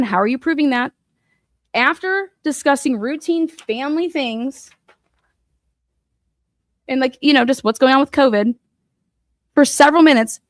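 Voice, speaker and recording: A woman hosting a true crime show, her voice sitting high as she talks bluntly and swears freely. She piles on fillers while she retells the case, and the sound is dry and close. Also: no room sound. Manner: profane and blunt, retelling events with lots of fillers. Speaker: host. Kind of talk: true crime podcast chat.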